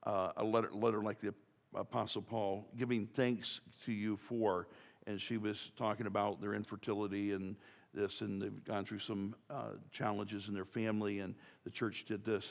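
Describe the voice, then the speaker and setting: A man preaching a casual, joking sermon as pastor, talking chattily with many restarts and asides. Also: on the low side. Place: church sanctuary. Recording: church hall reverb.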